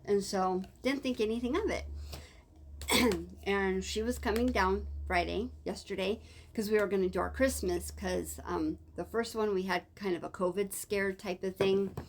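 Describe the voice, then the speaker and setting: A woman's voice: mid-range voice, a little hiss or hum. A woman telling a personal story in a casual, rambling way, with many fillers and self-corrections. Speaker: vlogger.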